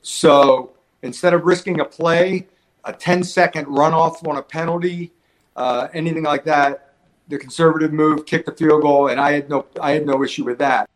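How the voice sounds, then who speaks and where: A man giving calm, matter-of-fact football analysis. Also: on the high side, normal speed. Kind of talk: recorded analysis clip.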